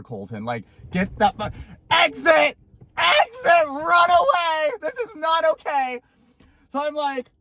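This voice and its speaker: A young man telling a dramatic personal story to his viewers in a casual, excitable way, swearing and filling his talk with "like". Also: on the high side, no echo. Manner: animated, swearing, lots of "like" fillers.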